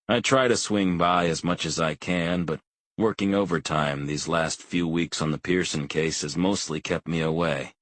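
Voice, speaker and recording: A man reading a thriller audiobook in calm, measured first-person narration. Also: rumbling low, no room sound. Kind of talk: scripted narration.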